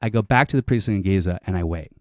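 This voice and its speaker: Man, lowish voice, dry close sound, animated comic storyteller, swears a lot. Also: rapid-fire, dry recording. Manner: animated, swearing, acts out other people's lines. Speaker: comedian telling a story. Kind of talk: comedic storytelling on a panel show.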